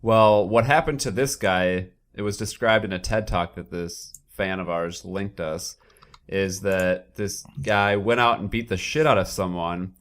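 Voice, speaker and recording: A man's voice: deep voice, steady tone, a little slow, fairly bright tone. A man co-hosting a casual podcast, talking bluntly about a listener's email. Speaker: podcast co-host. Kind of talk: casual chat.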